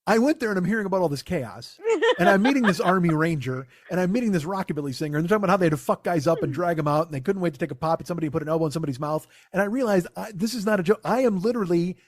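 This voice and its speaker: A male stand-up comedian rattles through a profane story at a quick clip. His voice sits a little high and stays exasperated, and the sound is dry and close to the mic. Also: no room sound.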